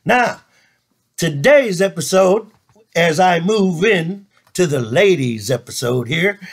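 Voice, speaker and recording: High-voiced comic storyteller man. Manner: folksy, drawling, joking. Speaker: comedian host.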